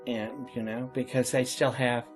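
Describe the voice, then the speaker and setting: A man's voice: medium pitch, little pitch movement, moderate pace, music in the background. A man being interviewed, telling long stories about his work in theater in a casual, chatty way with frequent laughter. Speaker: interview guest.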